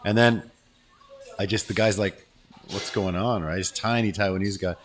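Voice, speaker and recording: Host: middle-aged man, lowish voice, lively storyteller who acts out what people said. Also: normal speed. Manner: animated storyteller, acts out quotes. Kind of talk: casual chat over food.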